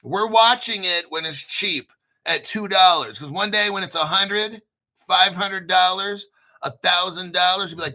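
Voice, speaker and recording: Brash gravelly American guy. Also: sits high, measured pace, bright, forceful tone. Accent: General American. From United States. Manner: brash, profane, joking asides, frequent throat clearing. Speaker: crypto video host. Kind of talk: casual commentary reading articles.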